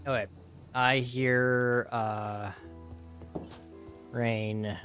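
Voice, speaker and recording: A man's voice: medium pitch, flat delivery, drawn-out words, fairly bright tone, faint music behind. A tired young man casually chatting with his viewers while gaming on a livestream, rambling and answering chat. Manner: easygoing, rambling, reads chat aloud and answers it. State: tired, yawning. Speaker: gaming streamer.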